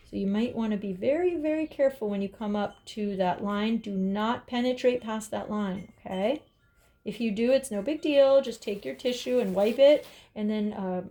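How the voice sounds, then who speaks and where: A woman with a fairly high voice leads a drawing class in an upbeat, encouraging way. She talks along as she works on the page, checking in with her students. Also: darkish tone. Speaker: art teacher. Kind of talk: drawing lesson.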